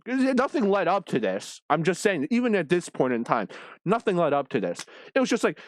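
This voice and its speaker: A man's voice: high voice, fairly quick, no echo. A man ranting casually about a comic he read, swearing constantly and sounding exasperated. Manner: profane, animated, exasperated. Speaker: manga reviewer.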